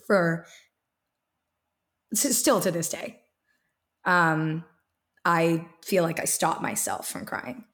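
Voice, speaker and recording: A woman's voice: fairly low pitch, steady tone, takes it slowly, long pauses, a bit bright. A woman in her thirties, a podcast guest talking casually with many restarts and fillers. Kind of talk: casual interview talk.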